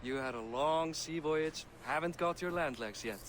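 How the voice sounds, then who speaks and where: A man's voice: a little high, moderate pace, a crowd in the background, close to an everyday voice. An actor playing a proud, hearty middle-aged Norse king in a video game. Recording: game audio over loud city ambience.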